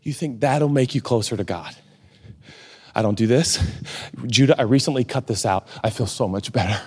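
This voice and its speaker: A man in his forties preaching a sermon from a stage, animated and a little out of breath, dropping low and then shouting. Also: brisk, slightly rough. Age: 40s. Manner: animated, swings from hushed to shouting. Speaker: pastor. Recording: hall reverb.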